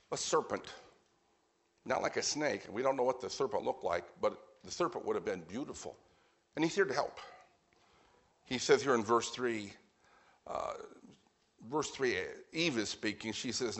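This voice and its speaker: A man preaching a sermon at a brisk pace, stressing his points and repeating them. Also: mid-range voice, lively intonation, fairly bright tone, husky.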